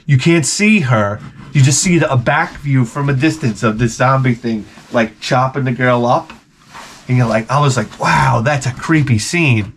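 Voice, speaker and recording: A middle-aged video game vlogger rambles through casual stories in a loose, profane, jokey way, regularly bursting into loud, mock-outraged exclamations. His voice sits at an ordinary middle pitch and moves at a moderate pace. There's a faint hiss or hum in the recording.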